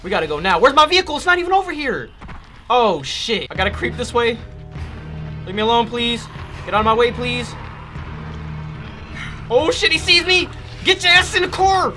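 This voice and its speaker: A man playing a video game and commenting live, excitable and loud, trash-talking enemies and swearing when scared. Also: very high-pitched, normal speed, pauses often, over music. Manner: trash-talks enemies in a playful street tone. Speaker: gaming YouTuber. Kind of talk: let's play commentary.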